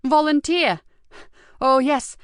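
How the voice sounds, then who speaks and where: Reading an audiobook, a woman takes on the role of a sardonic, hard-drinking detective inspector, sounding sarcastic and defiant as she raises her voice for emphasis. Her mid-range delivery is brisk and a bit bright, clear and resonant, close to an everyday voice, captured in a studio with no room sound.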